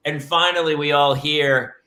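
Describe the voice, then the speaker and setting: A man's voice: a little high, moderate pace, reverberant. A middle-aged man hosting a podcast, telling stories animatedly and slipping into voices as he retells them. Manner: animated storyteller, does voices while retelling. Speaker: podcast host. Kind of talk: casual chat.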